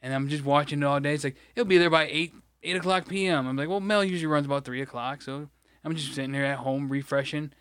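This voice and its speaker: A man's voice: a little high, fast, a bit bright, smooth, no room sound, clean studio sound. Profane rambling man telling a story. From Michigan. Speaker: podcast co-host. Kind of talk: casual chat, storytelling.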